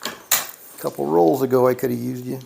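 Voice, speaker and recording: At a casino electronic craps machine, a gambling vlogger keeps up casual running commentary as he plays, calling out each dice roll and muttering mild curses. His mid-range voice is steady, slightly mellow, and marked by vocal fry at normal speed, with a little hiss or hum in the audio.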